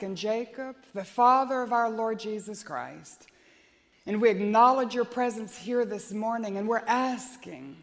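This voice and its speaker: A woman's voice: fairly high pitch, in a large hall. A woman preacher delivering an earnest, emphatic sermon and prayer in a church.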